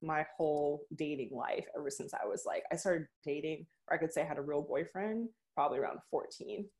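Low-voiced young woman, reflective chat. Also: a little fast, a little mellow. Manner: reflective, laughs readily. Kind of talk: casual conversation.

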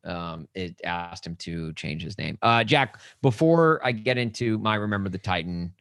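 A man co-hosting a casual sports podcast, rambling and joking, often acting out mock dialogue in a higher voice. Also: expressive, normal speed, fairly bright tone, smooth, dry recording, clean studio sound. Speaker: podcast co-host.

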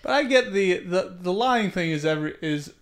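A podcast co-host in casual chat, easygoing and agreeable, often pausing and restarting mid-thought. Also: mid-range voice, animated.

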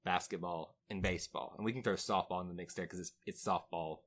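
A man's voice: deep voice, fairly even intonation, fast talker, fairly bright tone. A man co-hosting a casual sports chat, joking and self-deprecating. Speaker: podcast co-host.

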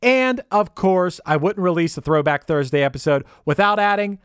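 A man's voice: high voice, normal speed, clean tone, no room sound, clean studio sound. A man who produces a podcast, giving a casual, upbeat episode intro with playful, jokey asides.

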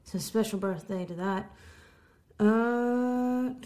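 A woman co-hosting a podcast, reading music news headlines in a casual chat with quick asides and the odd stumble over words. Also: fairly high pitch, mellow. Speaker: podcast co-host.

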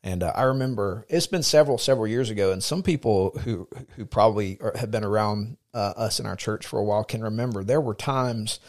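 A man's voice: on the low side, brisk, few pauses. A man who is a pastor co-hosting a podcast, speaking earnestly and personally in a casual faith-based talk.

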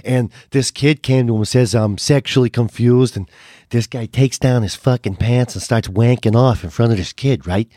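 A man's voice: medium pitch, moderate pace, mellow, dry recording, clean studio sound, pitched below the performer's own voice, close to an everyday voice. An Irish man putting on a crude, swearing American comedian who tells outrageous stories and gets exasperated. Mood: ranting. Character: brash American male comedian, crude storyteller.

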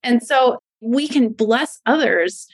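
A woman in her thirties speaks as an interview guest, her voice sitting a little higher than most. She tells personal stories in an earnest, reflective way, pausing to find her words. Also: lively intonation. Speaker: podcast guest, mother of a disabled child. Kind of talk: conversational interview.

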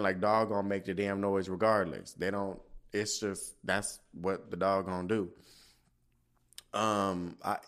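A man hosting a casual solo podcast, ranting in an animated, profane way and acting out his own quoted asides. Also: fairly low pitch. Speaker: podcast host.

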